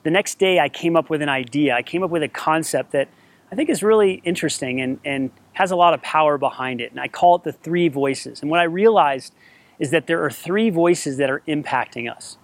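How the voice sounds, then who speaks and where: A man's voice: fairly high pitch, fairly quick. A man, a tennis mental performance coach, giving an earnest, encouraging lesson and repeating himself for emphasis. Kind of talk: talking-head coaching lesson.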